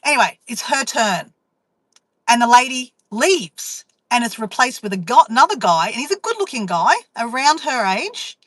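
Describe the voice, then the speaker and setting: A woman vlogger, telling a story to her live chat in a chatty, animated way and acting out inner voices. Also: on the high side, moderate pace, a little hiss or hum, poor audio.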